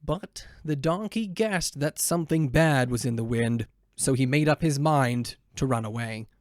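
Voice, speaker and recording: A man reading a children's storybook aloud in a gentle, measured way. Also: medium pitch, dry recording, studio quality. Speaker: narrator.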